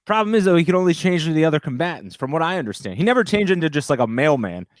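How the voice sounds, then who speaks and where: A man's voice: fairly high pitch, sing-song, racing, no room sound, studio quality. A man co-hosting a comedy podcast, laid-back and wry in casual banter. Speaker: podcast co-host.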